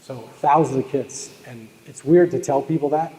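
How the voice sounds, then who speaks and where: A mid-range, mellow voice with fairly even intonation belongs to a Boston keynote speaker talking at a moderate pace. He jokes, tells stories and speaks to the audience during a live motivational sales talk, recorded in a large hall with long reverb.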